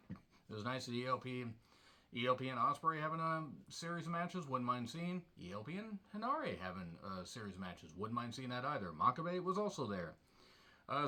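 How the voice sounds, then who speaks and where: A man's voice: medium pitch, bright, forceful tone. A man giving a casual solo review of a wrestling show, talking bluntly and sarcastically with a lot of swearing.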